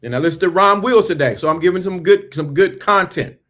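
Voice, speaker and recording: A blunt man in his fifties speaking hosts his own channel and lectures in a preachy, repetitive way. He mocks the people he is turning away and keeps circling back to the same lines. His voice sits a little high for a man. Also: a little fast, a bit bright. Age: 50s. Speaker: channel host. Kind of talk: blunt motivational monologue.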